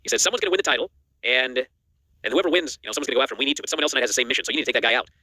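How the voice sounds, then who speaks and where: A man's voice: mid-range voice, no echo. A man co-hosting a wrestling news show, recapping matches in a casual chat and acting out the quotes. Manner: rapid animated recap, acts out quotes.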